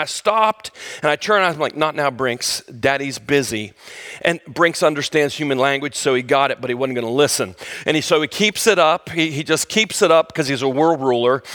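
A man's voice: on the high side, pushed and bright. A middle-aged male pastor telling a funny story in his sermon, dramatic and self-mocking.

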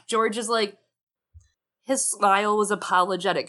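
A woman co-hosting a casual book discussion podcast, animated and sarcastic, swearing freely. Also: mid-range voice, slow, long pauses. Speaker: podcast co-host.

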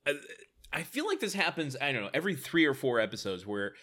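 A man's voice: medium pitch, sing-song, fast, sharp tone. A man co-hosting a podcast, chatting casually about a sitcom episode, laughing often and trailing off with fillers. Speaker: podcast co-host.

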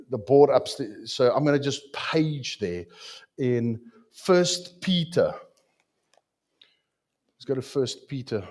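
A man with a South African accent preaching a sermon in a church, joking with the congregation and dropping Afrikaans asides. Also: medium pitch. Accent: South African English. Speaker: pastor.

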